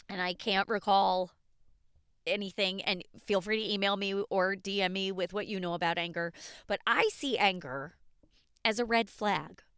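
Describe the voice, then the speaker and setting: A woman's voice: medium pitch, fairly bright tone, smooth, no room sound, studio quality. A woman hosting an unscripted personal podcast, talking candidly and passionately and swearing freely. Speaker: podcast host.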